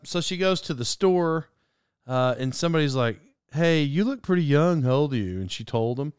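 Smooth-voiced man telling rambling stories. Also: fairly high pitch, no room sound, studio quality. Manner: rambling, animated, laughs at his own story. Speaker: podcast host. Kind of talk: casual storytelling monologue.

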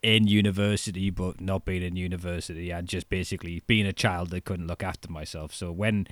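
A man co-hosts as a wrestling fan, chatting animatedly about wrestling while laughing and swearing. His deep voice is steady and brisk, with no room sound in a casual conversation.

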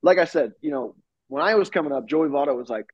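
A man's voice: fairly high pitch, quick pace, breathy edge, highs cut off. A young man, a ballplayer guest, telling stories casually with lots of fillers, acting out the lines of the people in them, over a video call from his home studio. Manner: animated storyteller, acts out quoted exchanges, many fillers. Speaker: professional baseball pitcher, guest. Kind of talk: casual interview storytelling.

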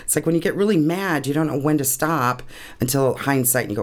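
A woman's voice: a bass voice, normal speed. Emotional woman telling a personal story. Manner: earnest, emotional, laughs often. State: tearing up. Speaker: guest.

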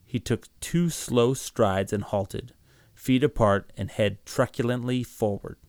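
A man narrating a story in a steady, measured reading. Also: mid-range voice, dry recording, studio quality.

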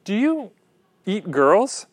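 A man's voice: high-pitched, big pitch swings, slow, husky, dry recording, pitched above the performer's own voice, exaggerated voice. A man reading aloud as a frightened, thirsty young girl who pleads anxiously and hesitantly.

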